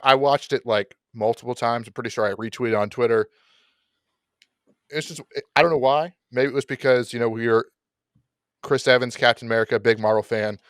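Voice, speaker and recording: A man's voice: medium pitch, no room sound, clean studio sound. A man co-hosting a football podcast, chatting eagerly and often tripping over his words. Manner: enthusiastic, stumbling over words. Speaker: podcast co-host. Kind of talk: casual chat.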